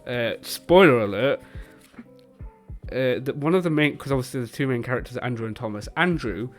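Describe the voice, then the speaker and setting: A British man talking through his monthly reads in an easygoing, rambling way. He trips over longer words, backtracks, and corrects himself mid-sentence. Faint music plays softly behind his voice. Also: mid-range voice, lively intonation, a little fast. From Britain. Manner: chatty, self-correcting, stumbles over words and laughs at himself. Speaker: book vlogger. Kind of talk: casual book review chat.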